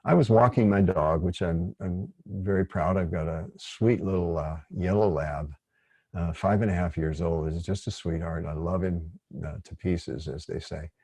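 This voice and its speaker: Low husky-voiced guy teaching a workshop, wanders off topic, gentle. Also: moderate pace, dry recording. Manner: rambling, gentle and digressive. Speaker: workshop facilitator. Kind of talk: online workshop talk.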